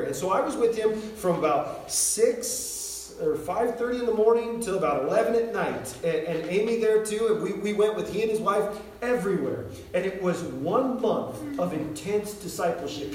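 High-voiced American preacher in an echoey hall. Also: male voice, distant mic, a little hiss or hum. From United States. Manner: animated storyteller, shouts when acting out quotes. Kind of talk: sermon with personal story.

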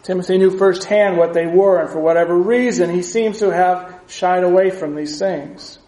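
Earnest high-voiced male preacher. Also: fairly even intonation, warm tone, reverberant, rough recording. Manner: earnest, measured teaching with scripture readings. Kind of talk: sermon.

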